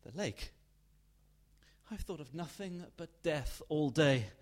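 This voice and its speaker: A man voicing a grieving mother who cries out in shrill panic. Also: lively intonation, slow pace. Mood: bewildered. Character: frantic grieving mother, adult woman.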